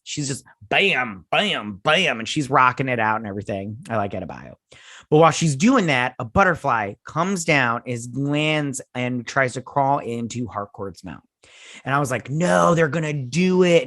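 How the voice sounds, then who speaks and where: In a mid-range voice with clean, studio-quality sound and no room echo, a male host casually recaps a TV episode. He rambles and acts out the characters' lines animatedly, sounding a bit tired and yawning.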